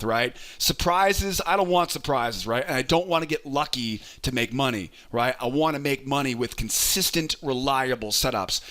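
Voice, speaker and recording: A man hosting a trading lesson, walking through charts in an energetic, coaching way and often checking in with "right?". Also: medium pitch. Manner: energetic, keeps asking "right?"; coaching, urges patience. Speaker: trading educator and host.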